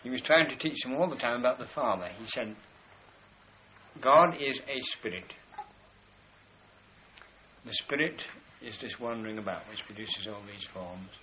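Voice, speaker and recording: A man giving a spoken lecture in a measured, explanatory way, slowing down to stress key words as he points to drawings. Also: on the low side, dull audio, slight background noise.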